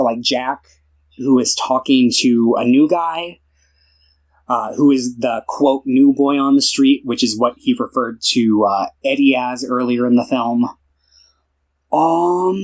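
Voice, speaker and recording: On a low-quality recording, a podcast co-host with a mid-range voice rambles through a film recap in casual chat, full of fillers and restarts. He retells scenes by acting out the characters' lines.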